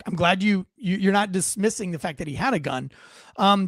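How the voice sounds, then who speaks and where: A young man co-hosting a podcast, talking in an animated, emphatic way and reading comments aloud. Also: high-pitched, a little fast, dry recording. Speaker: podcast co-host. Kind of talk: casual opinion chat.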